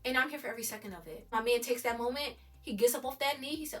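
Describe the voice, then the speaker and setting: A woman recapping a TV episode in animated, gushing casual commentary. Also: on the high side, fast, few pauses, recorded from a distance. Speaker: TV recap vlogger.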